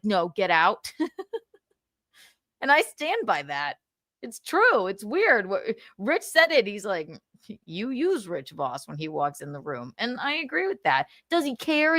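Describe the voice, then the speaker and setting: A woman's voice: on the high side, bright, forceful tone, no room sound. A woman hosting a livestream, chatting and gossiping with lots of laughs, swearing and mocking impressions. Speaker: host. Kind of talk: casual gossip commentary on a livestream.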